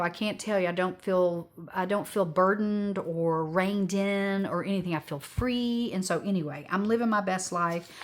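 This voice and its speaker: A woman of sixty chatting casually as she crafts at home, rambling and upbeat. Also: medium pitch. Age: 60s. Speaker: crafting vlogger.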